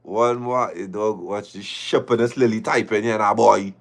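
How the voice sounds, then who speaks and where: A man chats on his livestream in loose, slangy talk and throws in dog and boy every few lines. His reactions are animated and casual, like he is hanging out with his viewers. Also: lowish voice, moderate pace. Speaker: livestream host.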